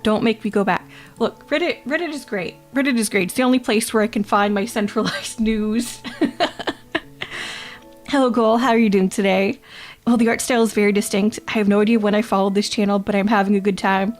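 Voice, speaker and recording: A woman's voice: mid-range voice, fairly even intonation, brisk, faint music behind. A woman streaming casually, reading chat aloud, joking crudely and laughing often, often repeating her own phrases. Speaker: VTuber streamer.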